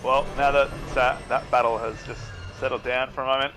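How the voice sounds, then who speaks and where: A man's voice: mid-range voice, level tone, fairly quick, background noise. A man co-commentating a sim race, making brief analytical remarks.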